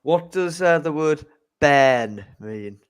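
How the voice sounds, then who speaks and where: A man's voice: fairly high pitch, lively intonation, slow, smooth. A man with a Geordie accent, co-hosting a casual live stream chat and teasing his friends. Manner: playful, teasing. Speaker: co-host.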